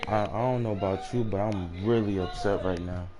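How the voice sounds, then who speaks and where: A man's voice: low voice, fairly even intonation, brisk, noisy background. A young man hosting a gaming video, talking in casual slang with heavy swearing and heated ranting. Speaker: gaming channel host. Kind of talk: casual gameplay commentary.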